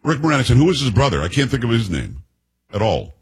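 A chatty man from the United States hosts a talk show, riffing on the news with sarcastic asides. His voice is husky and rough, with some breath in it. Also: fairly low pitch, very animated, fast, poor audio. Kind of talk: casual political commentary.

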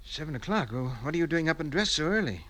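A bewildered middle-aged father who stammers and trails off, in old-time radio drama style. His voice swings up and down, with a bright, forward tone. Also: on the high side, lively intonation, fast talker. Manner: hesitant, stammering with fillers. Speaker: actor. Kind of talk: 1940s radio acting.

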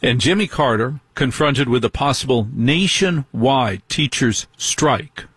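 A man's voice: mid-range voice, animated, measured pace, a bit bright, slightly rough, no room sound. A middle-aged man hosting a talk radio show, delivering an indignant monologue full of rhetorical questions.

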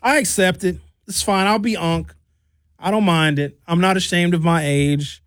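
This is a man in his fifties, a commentator whose voice sits high, talking at normal speed in a casual, foul-mouthed monologue. He animates his stories by acting out quotes, captured in a dry recording.

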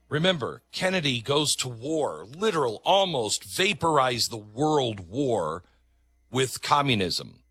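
A man hosts a talk radio show, ranting with plenty of sarcasm. His bright, slightly husky voice climbs and falls across a wide, lively range. He speaks into a close microphone in a dry room. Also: medium pitch, no room sound. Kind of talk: opinionated talk radio monologue.

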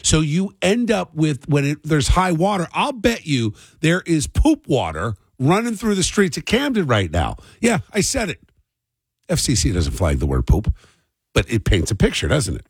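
Here a middle-aged man with a husky, somewhat high voice runs a morning radio talk show at a moderate clip. Dry audio captures his lively, rambling tales and rants, all morning banter and commentary.

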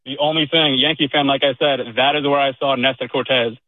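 A man's voice: medium pitch, fairly even intonation, brisk, dry recording. A man calling in to a sports radio show, chatty and enthusiastic. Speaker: radio caller. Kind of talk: call-in chat. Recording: tinny phone line.

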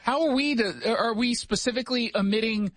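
Sarcastic high-voiced male radio host. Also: fairly bright tone, no echo. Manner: sarcastic, joking, quick asides. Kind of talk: casual talk show banter. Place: radio studio.

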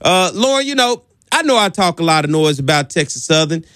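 A man's voice: fairly high pitch, very animated, brisk, fairly bright tone, no room sound, clean studio sound. A man hosting a sports talk radio show, joking and slangy as he talks to guests and callers.

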